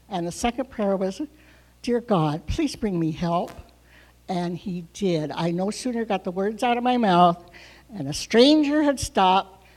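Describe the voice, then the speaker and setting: An older woman telling a personal story in a lively way, laughing often and letting her pitch and volume rise and fall widely. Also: rough recording. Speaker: speaker sharing a testimony.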